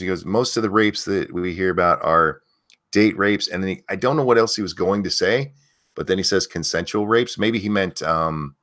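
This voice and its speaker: A man hosting a live stream, reading news aloud and mocking it with blunt, sarcastic, swear-filled commentary. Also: deep voice. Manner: blunt, sarcastic, swears often, jumps up loud in outbursts.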